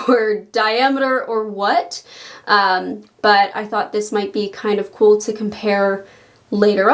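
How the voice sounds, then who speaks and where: Chatty, slightly breathless woman vlogger. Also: fairly high pitch. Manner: chatty, rambling, laughs often. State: a little out of breath. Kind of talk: casual chat to camera.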